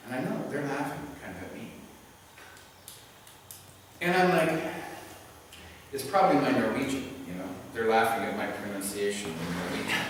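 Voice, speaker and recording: A man's voice: medium pitch, moderate pace, pauses often, slight background noise. A man giving a live lecture, telling stories in a loose, digressive way with many fillers. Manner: animated, digressive storytelling with many "you know" fillers. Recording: echoey hall, speaker far from mic.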